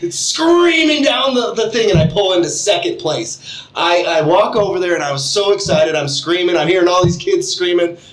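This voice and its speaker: A man's voice: sits high, fairly quick. A man co-hosting a casual talk show, telling stories with lots of laughter. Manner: animated, laughing storyteller. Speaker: podcast co-host. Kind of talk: casual chat. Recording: roomy echo.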